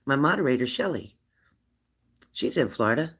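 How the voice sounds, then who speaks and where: A woman in her fifties hosting a live stream, chatting warmly and laughing as she reads out viewers' comments. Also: a bass voice, lively intonation, moderate pace, slightly rough. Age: 50s. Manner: chatty and affectionate, laughs often, answers comments aloud. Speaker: livestream host of a spirit-messages channel.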